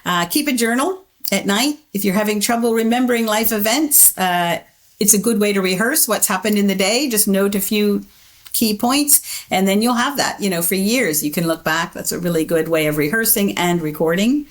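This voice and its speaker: A middle-aged woman, a memory researcher, giving measured, explanatory interview answers and laughing easily. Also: medium pitch.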